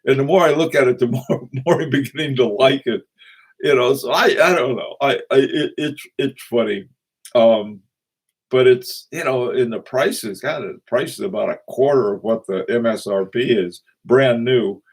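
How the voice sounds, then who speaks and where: A man's voice: mid-range voice, breathy edge. Rambling, chuckling man hosting a livestream. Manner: rambling, chuckling, halting with many fillers. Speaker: watch channel host. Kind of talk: casual livestream chat with viewers.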